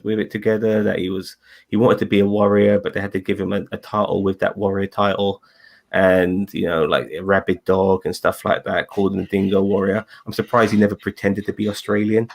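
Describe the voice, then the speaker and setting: A man's voice: on the low side, fairly even intonation, fairly quick. A man hosting a casual review chat over a video call, rambling, swearing and correcting himself as he goes. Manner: rambling, profane, self-correcting. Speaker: podcast host.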